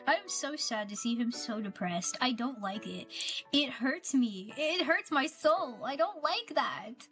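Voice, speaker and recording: Gushing woman streamer, high voice. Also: expressive, measured pace, a bit bright, faint music behind. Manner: gushing, playful, repeats herself. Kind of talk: casual gameplay commentary.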